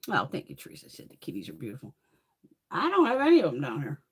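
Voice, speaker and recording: A woman's voice: low voice, wildly swooping pitch, fast, husky. A middle-aged woman hosting a casual beauty livestream, chatting freely, swearing often and laughing between thoughts. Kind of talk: casual live chat.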